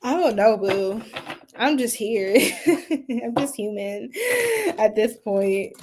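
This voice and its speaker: A young woman doing a casual tarot reading, chatty and animated, often laughing and breaking into loud exclamations. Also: on the high side, very slow, pauses often, slight background noise. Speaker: tarot reader.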